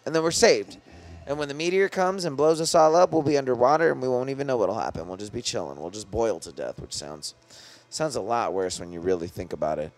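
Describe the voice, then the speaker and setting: A man's voice: medium pitch, fairly quick. Slangy, rambling young guy. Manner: loose, rambling, slangy, swears a lot. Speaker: podcast co-host. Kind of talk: casual chat.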